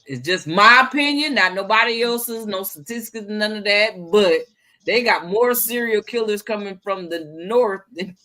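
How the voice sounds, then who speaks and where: A woman's voice: medium pitch, moderate pace, pushed and bright. A woman in a casual chat, giving her frank opinions.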